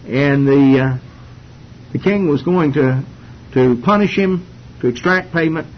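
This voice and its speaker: In a sing-song, unhurried, slightly rough voice, a man teaches through a Bible passage in an informal, folksy way. His Bible study sermon is full of fillers and restarts, captured on a dull lo-fi recording with faint rumble.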